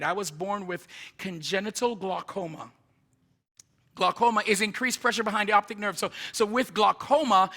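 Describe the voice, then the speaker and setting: A man from Jamaica preaches a testimony sermon, telling his story in a chatty way with asides to the listeners. His voice sits high and sounds bright. A long reverb from the church sanctuary follows every phrase. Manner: conversational storytelling with asides to the audience.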